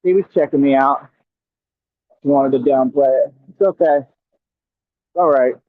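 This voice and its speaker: A man's voice: medium pitch, unhurried, dry recording. A man vlogging while riding a scooter through traffic, trash-talking a rival in a taunting way and stumbling over repeated words. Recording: tinny phone-like, dry.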